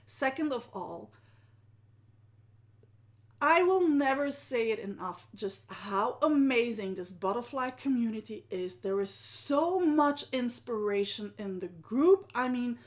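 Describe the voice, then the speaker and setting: A woman, a live-streaming art journaling teacher who often sinks into a soft whisper and laughs at herself. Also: a little high, animated, slow pace. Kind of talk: live-stream talk to viewers.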